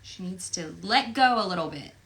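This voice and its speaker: A woman's voice: fairly low pitch, animated, normal speed, fairly bright tone, poor audio. Chatty woman from Tennessee. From Tennessee, USA. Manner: chatty, playful, talks while working. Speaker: voice actress signing autographs live. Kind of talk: casual livestream chat. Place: home, near her recording booth. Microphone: desk microphone.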